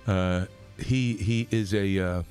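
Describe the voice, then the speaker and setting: A man from New York hosting a talk radio show, delivering a rambling, opinionated monologue that gets more animated as he goes. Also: slow pace, faint music behind. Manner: animated, rambling, pitch climbs when worked up.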